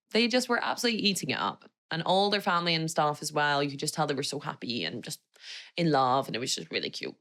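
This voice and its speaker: A woman's voice: sits low, a bit bright. Bubbly woman chatting on a podcast. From Scotland. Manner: bubbly, rambling, digresses and laughs often. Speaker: podcast host. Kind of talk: casual solo podcast chat.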